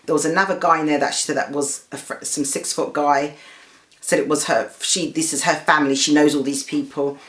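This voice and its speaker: A woman with a low, full voice tells her own story straight to her audience. She talks earnestly, backtracking and restarting mid-sentence. When she quotes the other people in the story, her voice jumps up in pitch. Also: fairly even intonation, fairly quick, a bit bright, roomy sound. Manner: earnest, retelling a dispute, stumbles and restarts. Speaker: host. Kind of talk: personal storytelling to camera.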